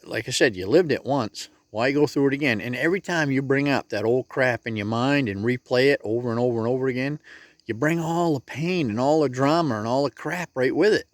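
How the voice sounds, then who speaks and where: A man's voice: mid-range voice, fairly quick. This is a man delivering a casual motivational monologue in plain, folksy words. His voice sits in a middling register. The sound is dry and close, with no room echo. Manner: plain-spoken and folksy, talks straight to the viewer. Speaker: motivational vlogger.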